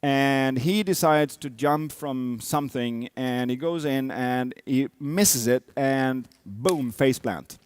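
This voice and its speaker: A man's voice: medium pitch, slow pace, hardly any pauses, clean tone, no room sound. A man in his thirties, a coach, telling a personal story to an audience, acting out sounds and quotes. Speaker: speaker, coach.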